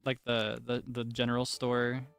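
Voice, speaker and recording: A man's voice: medium pitch, monotone, moderate pace, gravelly, a bit bright, smooth, faint music behind. Rambling young man, casual stream chat. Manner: rambling, self-correcting, chuckles often.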